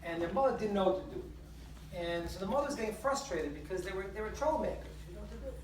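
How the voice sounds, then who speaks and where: A woman's voice: medium pitch, lively intonation, racing, slight background noise. A woman rabbi giving a humorous spiritual talk to a live audience, telling a story and asking rhetorical questions. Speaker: rabbi speaker. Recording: roomy hall, distant mic.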